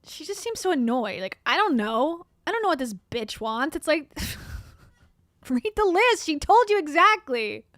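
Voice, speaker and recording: A woman's voice: high voice, very animated, normal speed, few pauses, fairly bright tone. A woman hosting a casual commentary show, reacting to online videos in a candid, chatty way and laughing often. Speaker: host.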